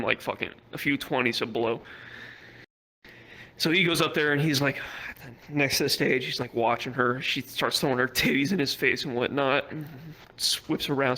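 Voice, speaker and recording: A man's voice: mid-range voice, sharp tone, poor audio. A young man doing stand-up at a virtual comedy club, telling a rambling, profane story full of fillers.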